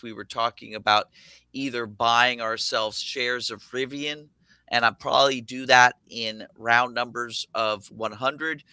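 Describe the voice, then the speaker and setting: Male trading host, bright and crisp, energetic and chatty, recorded dry and close. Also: medium pitch, no echo. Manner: energetic, enthusiastic, thinks aloud with fillers. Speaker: show host, options trader. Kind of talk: explaining trades on charts.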